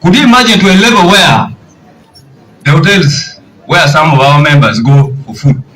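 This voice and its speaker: A man's voice: on the high side, lively intonation, normal speed, fairly bright tone, rough recording. A man with a Ugandan English accent, a party official at a press briefing, speaking indignantly with pointed questions.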